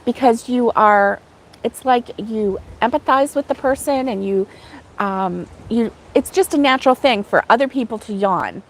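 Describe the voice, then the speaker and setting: A woman's voice: fairly high pitch, measured pace. Giggly chatty American woman. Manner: chatty and giggly, laughs often. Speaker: host of a crochet livestream. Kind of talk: casual livestream chat, reading viewer comments.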